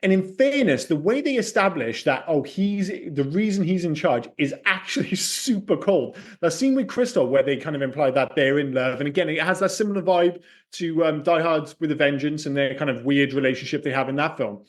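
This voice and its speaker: A man co-hosting a casual film podcast, ranting in an animated, profane way. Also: fairly high pitch, brisk. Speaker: podcast co-host.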